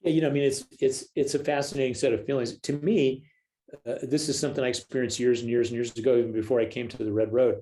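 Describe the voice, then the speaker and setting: An older American man, a counselor and spiritual leader, chats casually as a podcast guest, animatedly acting out the voices of people he quotes in his stories. His mid-range voice moves at a quick pace, and the recording is rough.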